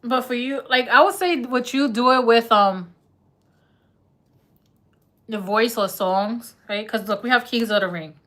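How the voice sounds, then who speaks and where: Woman, tarot reader, live reading, chatty, laughs a lot, slangy, bright tone. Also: a little high, a little slow, long pauses.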